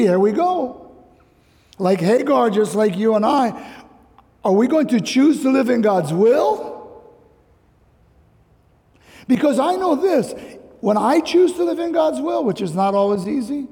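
Man, pastor, from Hawaii, emphatic sermon, slangy asides, mellow dark tone, reverberant church hall. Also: extremely high pitch, slow pace, gravelly, pauses often. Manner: animated, emphatic preaching with casual slang asides.

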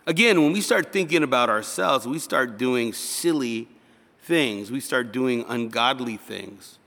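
A man's voice: medium pitch, animated, unhurried, creaky, a bit bright. A male pastor giving a conversational sermon, acting out little dialogues. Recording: reverberant hall.

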